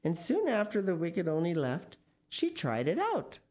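Low-voiced woman reading a storybook aloud. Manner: expressive, slow read-aloud with asides. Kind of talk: reading a picture book aloud.

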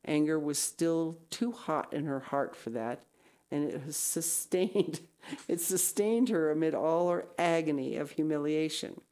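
A woman's voice: low voice, a little slow, warm tone. A woman reading a classic novel aloud, now and then breaking off into casual asides. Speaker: reader.

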